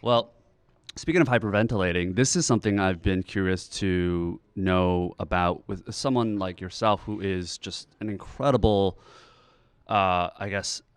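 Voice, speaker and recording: A man's voice: sits low, clear, resonant tone, dry recording. A man hosting an interview podcast, asking eager, rambling questions. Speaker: podcast host.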